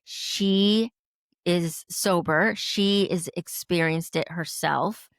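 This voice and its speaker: A woman guest telling a personal story in a lively way, acting out the dialogue she quotes. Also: lowish voice, slow pace, no room sound, studio quality. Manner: animated, acts out quoted dialogue. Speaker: podcast guest.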